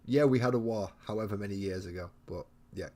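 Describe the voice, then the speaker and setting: A very low-pitched English man rambles to his live-stream viewers while painting miniatures at home. He is blunt and mocking, and he swears in nearly every sentence. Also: fast, warm tone. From England. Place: home hobby room.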